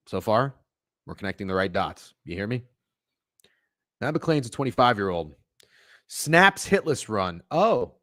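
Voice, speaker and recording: A young man hosting a live sports betting stream, chatting with viewers in a profane, animated way. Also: lowish voice, unhurried, pauses often, no echo, clean studio sound. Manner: animated, swearing, talks to chat. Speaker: sports betting show host.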